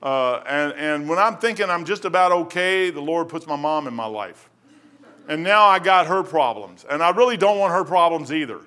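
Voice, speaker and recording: A man's voice: on the high side, expressive, normal speed, sharp tone. Folksy rambling preacher man. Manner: folksy, rambling, wanders off topic into anecdotes. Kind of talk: casual sermon.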